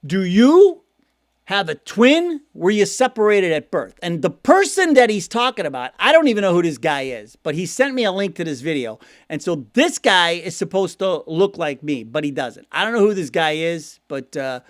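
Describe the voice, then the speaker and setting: A man with a Cleveland accent hosting a fan show, chatty and animated, laughing often as he reads viewer comments. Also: high-pitched, normal speed, no room sound, studio quality. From Ohio. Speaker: sports podcast host reading viewer comments. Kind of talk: casual fan talk show.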